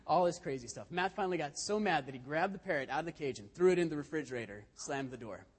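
A man's voice: on the high side, expressive, fast talker, husky. A man giving a sermon in a church, telling stories in a conversational way with frequent restarts, heard in a reverberant church hall. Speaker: lay speaker.

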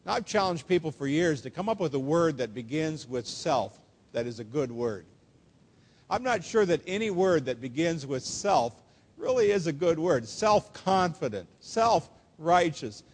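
A man preaching in a fairly high voice, earnest and emphatic, leaning hard on quoted phrases. His words ring out with the long reverb of a church sanctuary. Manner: earnest, emphatic preaching with slow, stressed quotations. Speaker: pastor. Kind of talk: sermon.

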